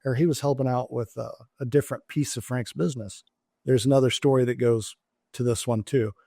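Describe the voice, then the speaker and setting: Man, guest on a business interview, storyteller, acts out dialogue, mellow tone, dry close sound. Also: mid-range voice, no room sound. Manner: animated storyteller acting out dialogue. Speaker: guest, former Navy SEAL turned company executive.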